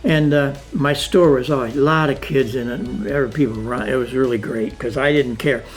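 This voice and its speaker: Soft music plays in the background as an older man, interviewed casually in his home studio, spins stories. He's a sound engineer with a medium-pitched voice and a brisk pace, animatedly acting out every bit of dialogue.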